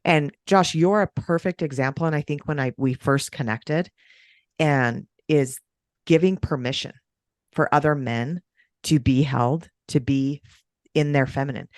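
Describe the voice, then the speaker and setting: A woman who runs breathwork sessions, chatting on a podcast and telling stories with an animated, swooping delivery. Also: measured pace, no echo, clean studio sound. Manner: animated storytelling, big pitch swings. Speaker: breathwork facilitator. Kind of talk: podcast conversation.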